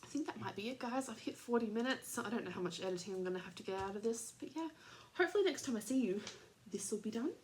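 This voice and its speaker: A woman's voice: a little high, animated, fast, a little mellow, a little hiss or hum. An Australian woman in her thirties hosting a podcast, chatting casually in a rambling way with lots of fillers and little laughs. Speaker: podcast host. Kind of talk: casual chat.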